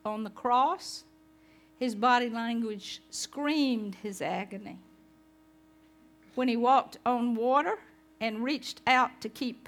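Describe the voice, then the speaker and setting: A woman's voice: fairly high pitch, a bit bright. A woman pastor giving a conversational sermon, chatting with her congregation.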